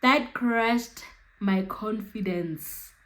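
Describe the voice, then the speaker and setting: A woman's voice: mid-range voice, very slow, a bit bright. A young woman with a South African accent telling a personal story to her viewers. She chats, laughs often and keeps checking in with them. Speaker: YouTuber. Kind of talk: storytime vlog.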